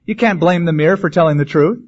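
A man's voice: a little high, fast talker. A male pastor preaching a sermon in a conversational way, with humorous asides. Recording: dull lo-fi sermon recording.

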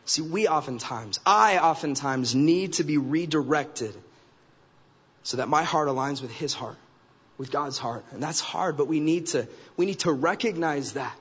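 Guest preacher, male, slightly high voice; emphatic, repeats phrases; dull recording in a sanctuary. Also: a little slow, fairly bright tone, slightly rough. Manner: emphatic, acts out quoted remarks in character voices. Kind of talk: sermon. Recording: dull recording with long hall reverb.

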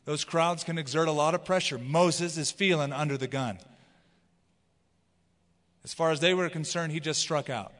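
A man's voice: a little high, moderate pace, long pauses, fairly bright tone. A man preaching a sermon, teaching through the Bible and reading scripture aloud with expression. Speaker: pastor. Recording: long hall reverb.

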